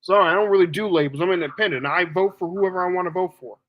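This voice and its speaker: A man's voice: sits high, quick pace, lo-fi sound. A man hosting a live stream debate, talking bluntly and assertively to callers, casually calling them baby.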